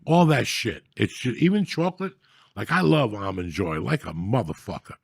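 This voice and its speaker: A man hosting a podcast, telling stories in a profane, loud, animated comedic rant. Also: lowish voice, normal speed, gravelly, slightly rough, no room sound, studio quality. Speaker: podcast host.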